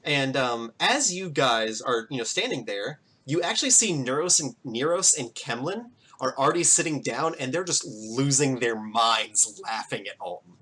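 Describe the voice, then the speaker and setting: A man's voice: mid-range voice, expressive, moderate pace, few pauses, sharp tone, a little hiss or hum, rough recording. A man narrating a tabletop game as game master, in a loose, rambling way with lots of fillers.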